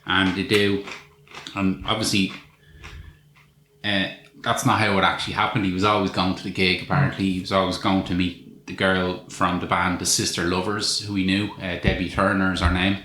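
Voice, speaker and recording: Sweary man, bright tense voice. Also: low voice, flat delivery, moderate pace. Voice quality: sweary, wry storytelling. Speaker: podcast co-host. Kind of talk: casual film review chat. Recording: echoey room with faint noise.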